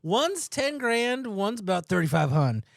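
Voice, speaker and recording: Wisecracking high-voiced man, very animated. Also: unhurried, creaky, no echo, studio quality. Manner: laughing a lot, wisecracking asides, crude. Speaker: movie review podcast co-host. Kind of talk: casual comedic movie chat.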